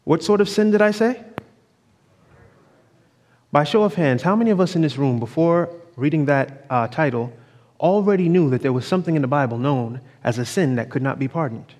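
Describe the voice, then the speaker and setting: A man preaching an evening sermon to a congregation in a church sanctuary, fervent, with big swings from loud to hushed. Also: on the high side, normal speed. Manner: fervent, sweeping rises and drops in loudness. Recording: long church reverb.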